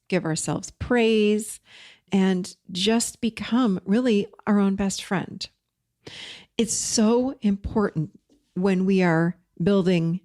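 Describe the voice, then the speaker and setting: A middle-aged woman, a therapist and life coach, giving an encouraging, conversational motivational talk straight to her viewers. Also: mid-range voice. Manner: warm encouraging, conversational, addresses viewers as you guys.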